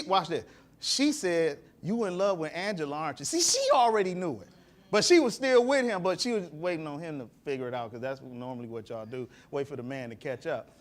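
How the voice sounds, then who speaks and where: High-voiced male host, lively storyteller. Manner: preachy storytelling, asks the audience questions. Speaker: talk show host. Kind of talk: animated talk to a live audience.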